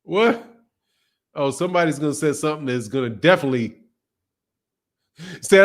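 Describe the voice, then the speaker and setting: A man with a fairly high voice hosts a casual boxing live stream. He laughs often and reads chat messages out loud in loose, profane banter. He sounds like a young adult talking off the cuff. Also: expressive, fairly quick, pauses often. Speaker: boxing channel host.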